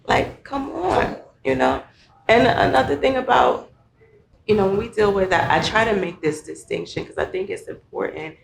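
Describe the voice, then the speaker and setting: A woman speaking as an expert guest, explaining emotions in a lively conversational way with everyday examples. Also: mid-range voice, normal speed, gravelly, echoey room, slight background noise, low-quality recording. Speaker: guest, mental health professional. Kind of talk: conversational teaching.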